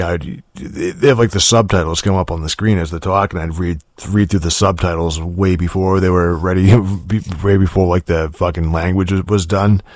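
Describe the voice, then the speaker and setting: Low-voiced rambling, swearing man. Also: no room sound, clean studio sound. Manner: rambling, profane, many restarts and fillers. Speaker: game reviewer. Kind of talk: casual spoken game review.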